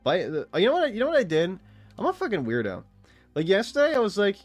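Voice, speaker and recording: Animated, rambling man in his late twenties. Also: sits high, quick pace, soft background music. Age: late 20s. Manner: rambling, profane, animated storytelling. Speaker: streamer. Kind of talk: casual gaming chat.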